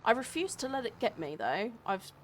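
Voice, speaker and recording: A woman's voice: fairly high pitch, sing-song, moderate pace, a little hiss or hum. A woman hosting a gaming stream, chatting casually with a friend and teasing him with frequent laughs. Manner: warm, teasing, laughs often. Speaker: gaming channel host. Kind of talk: casual chat while gaming.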